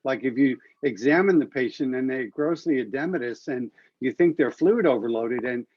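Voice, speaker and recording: A man's voice: mid-range voice, normal speed, a little mellow, husky, no echo, dull audio. A man who is an airway expert, explaining his approach on a medical panel in an earnest way with hesitant uhs.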